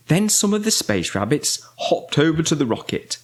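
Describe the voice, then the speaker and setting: A father reading a children's bedtime story aloud in an expressive storytelling manner. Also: a little high, normal speed, hardly any pauses.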